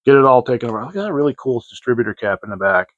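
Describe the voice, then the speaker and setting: A man's voice: mid-range voice, animated, racing, dry recording. A man hosting a casual model-kit show-and-tell vlog, rambling and hesitant, with many fillers and restarts. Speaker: hobby model-kit channel host. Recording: dry, slightly dull lo-fi sound.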